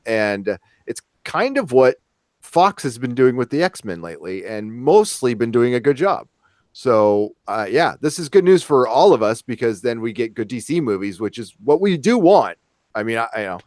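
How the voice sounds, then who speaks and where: A podcast host with a medium-pitched, slightly mellow voice chats casually and rambles, filling his talk with fillers and swearing. The sound is clean studio quality with no echo.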